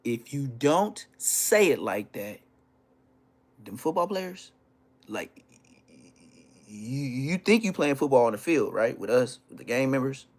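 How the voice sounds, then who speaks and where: A man telling profane, animated stories from his school days on a casual livestream, laughing as he goes. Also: medium pitch, measured pace, pauses often. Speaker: livestream host. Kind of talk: casual storytelling.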